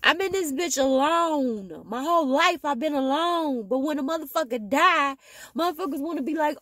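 A woman's voice: sits high, expressive, moderate pace, a bit bright, no echo. A tired woman venting in a bitter, profane monologue with heavy sighs, talking into her phone. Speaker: vlogger.

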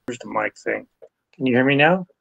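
An older man joining a podcast as a guest over a video call, relaxed and a bit unsure with the tech. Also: medium pitch, moderate pace, creaky, no echo. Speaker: interview guest. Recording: dull video-call audio.

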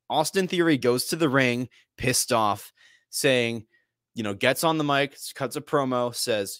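A man's voice: medium pitch, unhurried, fairly bright tone, no room sound, studio quality. A young man hosting a casual sports prediction podcast, telling it like a story. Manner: storytelling, conversational with fillers. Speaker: podcast host.

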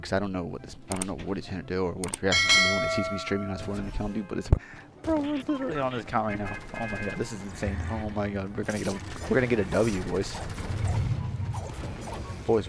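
A teenage boy with a deep, gravelly voice gives hyped, slang-heavy commentary on his game, calling everyone dude. At times he drops to a whisper. Loud music plays under him. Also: fast. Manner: excitable, hyped, slangy, keeps saying dude; whispers at times to stay quiet. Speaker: gaming YouTuber. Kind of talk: casual gameplay commentary. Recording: loud background music over voice.

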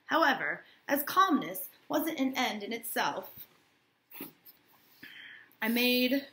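A woman's voice: on the high side, sing-song, takes it slowly, bright, forceful tone. A woman teacher reading a novel aloud to her class and breaking off for casual asides, often checking in with "right?".

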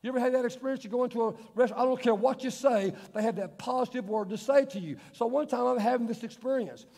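High-voiced man preaching in a reverberant hall. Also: fast talker. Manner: emphatic, swings between loud and hushed, repeats phrases. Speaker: pastor. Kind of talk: sermon. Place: church sanctuary. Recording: long church-hall reverb.

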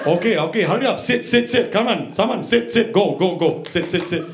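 A man's voice: high voice, lively intonation, a little fast, slight background noise, pitched above the performer's own voice. A man playing a bossy, impatient old barber. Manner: curt, bossy, repeats short commands. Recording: echoey room, audience laughter.

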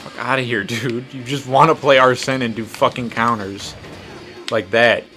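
A podcast host who works as a tattoo artist rambles casually while playing a fighting game, swearing and poking fun at himself. Over music, his mid-range voice stays steady at a normal speed.

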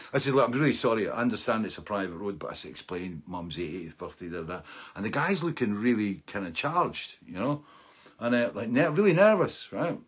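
A middle-aged man hosting a live-streamed show, telling a rambling, animated anecdote with frequent laughs and asides. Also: fairly low pitch, breathy edge. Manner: rambling and animated, laughing often and tagging lines with "right?". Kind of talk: casual anecdotal storytelling.

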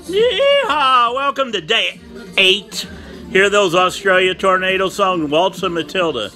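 A man's voice: high voice, fairly even intonation, measured pace, pushed and bright, soft background music, poor audio. A man in his seventies hosting a casual video diary, exuberant and given to whooping and hollering. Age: 70s. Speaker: vlog host.

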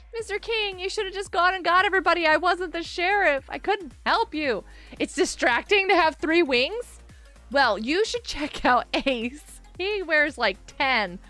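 A high, bright woman's voice that leaps all over the place as she chats through a live gaming stream. She's a bubbly mom in her thirties who giggles a lot and talks straight to her viewers.

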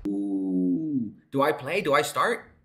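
A young man giving casual, excitable gameplay commentary while playing a football video game, swearing, joking and shouting at the screen. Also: mid-range voice, takes it slowly. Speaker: gaming streamer.

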